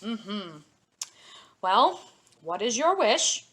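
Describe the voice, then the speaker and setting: A woman's voice: medium pitch, very animated, very slow, fairly bright tone, heavily acted. A woman voicing an enchanted talking flounder who is really a prince, courteous and pleading in a storybook reading. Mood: regal. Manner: polite, pleading then grandly granting.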